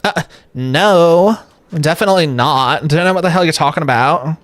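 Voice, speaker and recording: Streaming from his webcam setup at home, this man is exhausted from too little sleep, joking and rambling as he chats with his audience. He has a slightly high voice at an ordinary pace, with no room sound.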